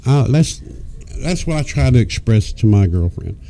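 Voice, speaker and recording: A man's voice: mid-range voice, very animated, normal speed, creaky, mellow, slight background noise. A man hosting a talk show, telling rambling, crude comic stories into a studio mic. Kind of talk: casual comic storytelling. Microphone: studio microphone.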